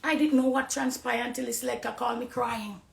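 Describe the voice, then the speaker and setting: A woman's voice: on the high side, fairly even intonation, fairly quick, creaky, reverberant, slight background noise. Impassioned Jamaican woman testifying. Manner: preachy, swings from hushed confiding to loud accusing. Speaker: dancehall artist on a live stream.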